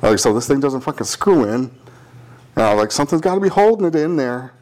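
Fast-talking and medium in pitch, a young podcast co-host tells a long story casually. He swears freely and animatedly acts out everyone he quotes in voices.

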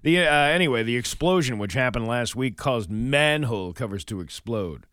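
A man's voice: mid-range voice, lively intonation, normal speed, no echo, studio quality. A man co-hosting a morning radio show, joking and telling a tall tale, playful and mock-conspiratorial. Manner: playful, mock-conspiratorial, loud put-on voices in jokes. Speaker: radio co-host, news reader. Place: radio studio. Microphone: studio mic.

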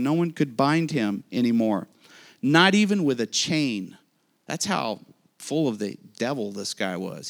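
A man preaching a sermon, animated and speaking directly to his listeners. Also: fairly high pitch. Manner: animated preaching with asides to the audience. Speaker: pastor.

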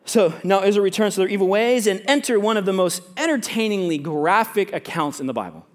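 In a church sanctuary before a congregation, a male pastor to students and young adults preaches in a high, expressive voice. He is chatty and joking, dropping quick asides between loud emphasis and quiet remarks.

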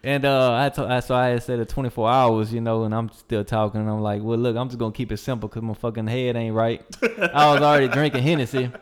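A man's voice: medium pitch, steady tone, fast talker, few pauses, clean tone. A young man telling a long story in a laid-back, slangy way, full of fillers and restarts. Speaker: podcast guest. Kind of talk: casual storytelling.

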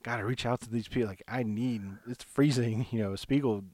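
A man's voice: mid-range voice, fairly even intonation, brisk, darkish tone, no room sound. A man co-hosting a Christian podcast, talking in an earnest, rambling way with many restarts. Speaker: podcast co-host. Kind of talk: casual faith podcast chat.

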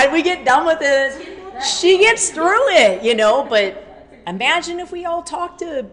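A woman fitness trainer in a casual faith-based talk, animated and rambling, with many fillers and acted-out quotes. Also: high voice, unhurried. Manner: animated, acts out quoted speech.

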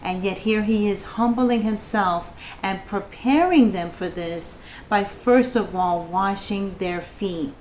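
A woman's voice: mid-range voice, slow pace, hardly any pauses, a little mellow, a little hiss or hum. A woman leading a devotional Bible study, reading verses and rising into fervent prayer.

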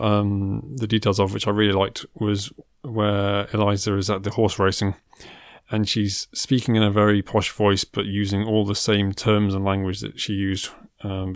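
A man's voice: lowish voice, level tone, normal speed, gravelly, no echo. A man co-hosting a film podcast, talking with dry humour and lots of hesitant restarts. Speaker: podcast co-host. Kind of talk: casual film podcast chat.

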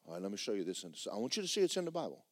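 A man preaching a sermon, telling stories in an animated, repetitive way. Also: on the low side, racing.

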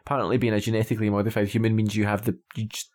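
A man's voice: fairly low pitch, flat delivery, racing, darkish tone. A man in a casual film-critique chat, exasperated and sarcastic, who swears casually and keeps asking "okay?" and "right?". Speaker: podcast co-host.

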